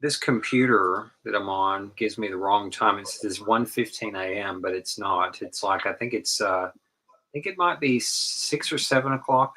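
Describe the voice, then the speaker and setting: A man's voice: on the low side, moderate pace, bright, forceful tone, poor audio. A man chatting casually on a late-night online call, hesitant and full of fillers. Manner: hesitant, many fillers and restarts. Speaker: guest.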